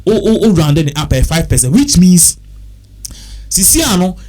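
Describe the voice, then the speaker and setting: Ghanaian man, higher voice, rambling casual talk, repeats himself. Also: very animated, normal speed, warm tone. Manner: rambling, repetitive, thinking aloud with figures. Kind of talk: casual talk mixing English and Twi.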